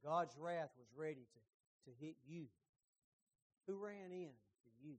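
A middle-aged man preaching a sermon, telling the story with lively emphasis and folksy asides. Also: fairly high pitch, a little slow.

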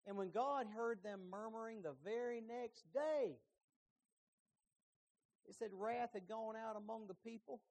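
A middle-aged man preaching a sermon, telling the story with lively emphasis and folksy asides. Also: sits high, a little slow, pauses often.

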